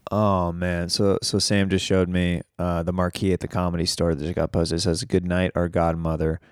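A man's voice: sits low, little pitch movement, moderate pace, no room sound, studio quality. A man hosting a podcast, chatting in an upbeat, friendly bro-ish way with his guest. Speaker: podcast host. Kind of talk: casual podcast chat.

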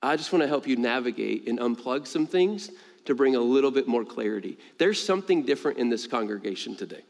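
A man preaching a sermon to his congregation, animated, jumping higher in pitch to stress a point and laughing between stories. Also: fairly quick, vocal fry. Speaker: pastor. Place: church sanctuary. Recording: long reverb of a large church hall.

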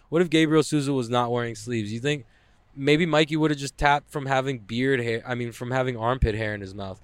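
A podcast host talks solo from his car while driving, using a headphone mic that gives a smooth, mid-range sound with no room echo. His casual monologue is profane, rambling, and self-mocking.

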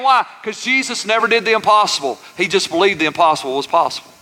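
Brief: male pastor, bright high voice, call-and-response preaching, long church-hall reverb. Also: quick pace, hardly any pauses. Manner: folksy, says y'all. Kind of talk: sermon.

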